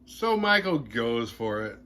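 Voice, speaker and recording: A man hosting a horror movie podcast, retelling a film's plot in a casual, animated and playfully crude way. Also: medium pitch, unhurried, a little hiss or hum.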